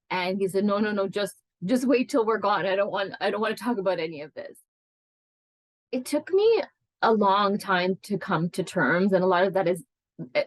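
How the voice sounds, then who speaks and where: A woman in her forties speaks in a measured, middle pitch, recounting personal memories with earnest emotion. She often restarts her sentences as she reflects. The recording is dry and close, with no room echo. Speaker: interviewee. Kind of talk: oral history interview, personal storytelling.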